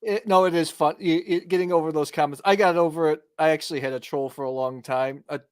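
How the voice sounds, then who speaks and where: Male podcast guest, a touch high in pitch, eager conversational delivery, dry close sound. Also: steady tone, quick pace, clear, resonant tone, dry recording. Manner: enthusiastic, asks questions. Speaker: guest wine creator.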